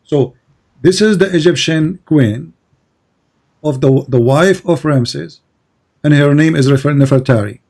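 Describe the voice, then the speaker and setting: A man whose first language is Arabic argues his point in a heated debate, insistent and lecturing, repeating words as he pushes on. His voice sits fairly high for a man, with a dark, mellow tone. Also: measured pace, creaky, long pauses. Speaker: debate host.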